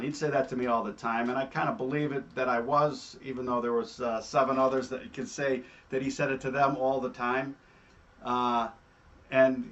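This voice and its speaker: A man hosting a show, telling stories in a casual, animated way and often adding "all right?". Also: medium pitch, moderate pace, muffled recording. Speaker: host. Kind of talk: casual storytelling.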